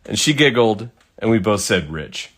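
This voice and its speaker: A man's voice: on the low side, animated, unhurried. A man telling a rambling, casual story while painting, swearing freely and using lots of fillers.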